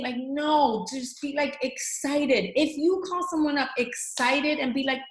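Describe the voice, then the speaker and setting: Upbeat woman team coach, slightly high voice, echoey room, animated pep talk. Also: measured pace, hardly any pauses. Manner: animated, acts out quoted dialogue. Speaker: fitness coach team leader. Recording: roomy echo.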